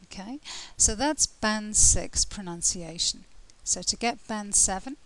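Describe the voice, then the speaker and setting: A British woman, a language test tutor, explaining scoring criteria in a relaxed, conversational way with frequent fillers and restarts. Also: mid-range voice, a little slow, rough recording. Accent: British English. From Britain.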